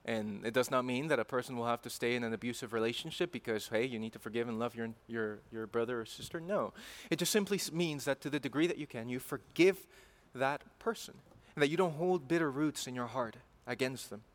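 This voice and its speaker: A man's voice: mid-range voice, a little fast, few pauses. A man preaching a sermon in an earnest way, repeating phrases and building to emphatic passion.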